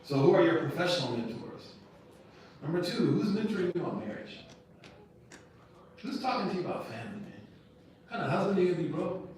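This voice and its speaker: A man's voice: on the high side, big pitch swings, brisk, long pauses, a little mellow. Man, imam, casual lecture, slangy rhetorical questions, faint room noise, very echoey hall. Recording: echoey room, picked up from a distance.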